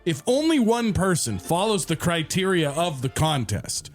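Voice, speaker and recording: Animated male sidekick, high voice, dry jokes. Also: moderate pace, soft background music. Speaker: radio co-host. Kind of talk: morning radio banter.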